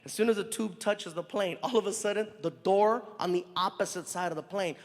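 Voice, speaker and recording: A male stand-up comedian, animated and acting out the people in his story as he talks to a live crowd. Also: high-pitched, a little fast. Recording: live venue with long reverb, faint ambience.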